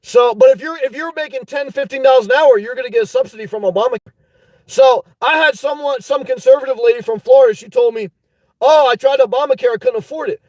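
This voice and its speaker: High-voiced man rambling on a livestream. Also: fast, no room sound, rough recording. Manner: rambling, joking, often shouting. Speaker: livestream host. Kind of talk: casual livestream chat.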